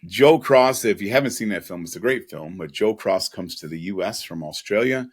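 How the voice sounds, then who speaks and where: Deep-voiced man telling his story. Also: lively intonation, moderate pace, breathy edge. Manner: earnest, emotional storytelling with casual asides. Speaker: podcast guest. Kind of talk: personal story in an interview.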